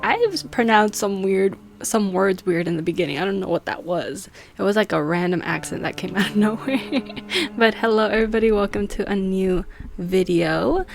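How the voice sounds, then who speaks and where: A young woman hosting a paranormal channel, chatting casually and reading an article aloud, her voice wavering and breathy. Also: medium pitch, normal speed, over music. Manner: chatty, self-joking.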